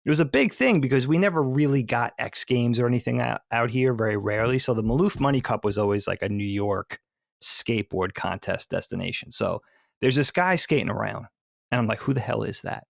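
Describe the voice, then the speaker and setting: A gravelly-voiced man from the Philadelphia area tells an animated story with quick asides. He is recorded on a dry, close podcast mic. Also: mid-range voice, no room sound. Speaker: podcast co-host. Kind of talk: casual chat, storytelling.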